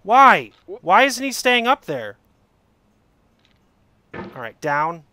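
High, bright-voiced young man raging at a game. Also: sing-song, very slow, no room sound. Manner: exasperated, swearing, yelling at the game. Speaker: gamer playing a climbing game. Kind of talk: let's play commentary.

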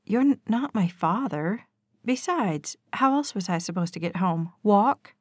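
A woman's voice: medium pitch, expressive, a little slow, no room sound. A woman voicing a tired, wry young woman. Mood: annoyed. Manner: wry, laughing things off.

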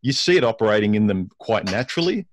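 A man's voice: lowish voice, very animated, a little hiss or hum. A man as a guest in a casual discussion, often repeating words as he works out his thoughts. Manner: halting, repeats words while thinking.

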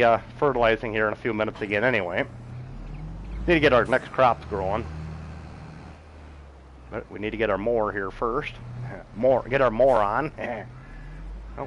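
A middle-aged male game streamer casually narrates his farming game and responds to chat, often chuckling and reminding himself what's next. He has a mid-range, fairly bright voice. The audio is dull and carries a slight hiss or hum.

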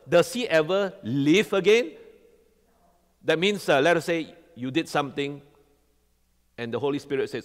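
An animated male pastor preaching in a church hall, his fairly high voice trailing off into a long reverb. He keeps checking in with the congregation and tossing questions back to them. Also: normal speed, pauses often. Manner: animated, quizzes the congregation with repeated "all right?". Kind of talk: sermon.

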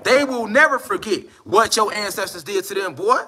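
A man delivering a slang-heavy, preaching-style monologue outdoors, building to shouted emphasis. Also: high voice, expressive, moderate pace, few pauses. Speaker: online spiritual speaker. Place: outdoors in the mountains.

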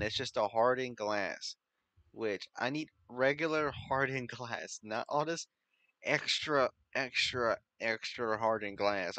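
A man with a bright, forward voice at a middle pitch talks through his gameplay in a loose, casual way. He rambles, thinks out loud and breaks into startled exclamations. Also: no echo. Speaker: gaming channel host.

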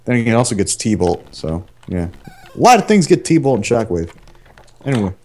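Blunt, cursing young gamer. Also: male voice, lowish voice, big pitch swings, a little fast, a little mellow. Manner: profane, blunt. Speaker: let's play co-host. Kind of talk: casual gaming chat. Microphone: home computer mic, online voice chat.

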